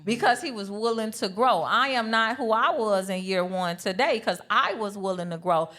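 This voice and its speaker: A woman's voice: medium pitch, moderate pace, fairly bright tone. A woman co-hosting a live podcast panel, telling a personal story in an earnest way and repeating her points for emphasis. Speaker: podcast co-host. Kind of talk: candid chat at a live brunch panel.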